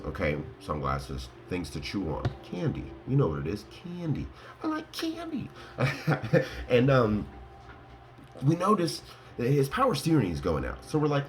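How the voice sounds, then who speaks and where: A man's voice: fairly low pitch, slight background noise. A man casually telling his viewers a rambling story, laughing and full of fillers. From Colorado. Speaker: vlogger.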